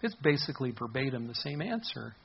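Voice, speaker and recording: A man with a mid-pitched, slightly husky voice teaches from the Bible in an earnest, conversational sermon. He often restarts his phrases and poses rhetorical questions to the congregation. The recording sounds a little dull and lo-fi. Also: big pitch swings, fairly quick. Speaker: pastor.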